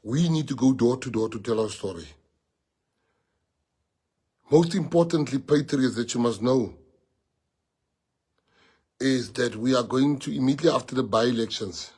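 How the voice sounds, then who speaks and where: Addressing his party's members, a South African-accented party leader rallies them with emphatic, repeated phrases and bits of Afrikaans. He has a mid-range voice with a darkish tone and a breathy edge.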